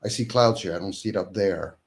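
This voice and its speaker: A man with a fairly low voice talks casually as a guest. He pushes his points with rhetorical questions and slips into quick impressions of the people he argues with. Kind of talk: casual conversation.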